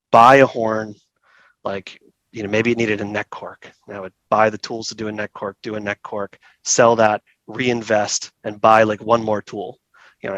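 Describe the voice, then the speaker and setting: A middle-aged man telling stories as a guest in an interview, relaxed and chatty, laughing often and acting out the people he quotes. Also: on the low side, dry recording, muffled recording. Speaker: saxophone repair technician, guest. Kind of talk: casual storytelling interview.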